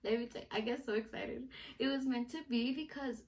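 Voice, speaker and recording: Chatty young woman, slightly high voice. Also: a little fast. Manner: chatty, animated, lots of filler "like". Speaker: vlogger. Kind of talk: casual storytelling vlog.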